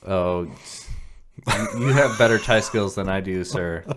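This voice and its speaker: A man's voice: sits low, measured pace, a bit bright, slight background noise. A man co-hosting a casual podcast, rambling and restarting his sentences, with casual swearing. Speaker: podcast co-host. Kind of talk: casual chat.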